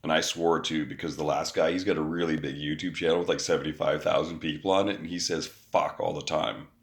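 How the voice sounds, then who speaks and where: A man's voice: extremely low pitch, fairly even intonation, brisk, vocal fry. A man, recording an angry, profane rant into his phone outdoors. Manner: angry, profane rant with mocking quoted voices. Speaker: vlogger. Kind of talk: ranting to camera.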